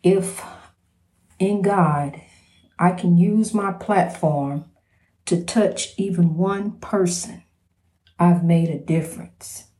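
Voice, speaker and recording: A woman's voice: on the low side, takes it slowly, pauses often, mellow. A woman hosting an inspirational program, talking spontaneously in a preachy, repetitive way and calling the listener "honey.". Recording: roomy echo.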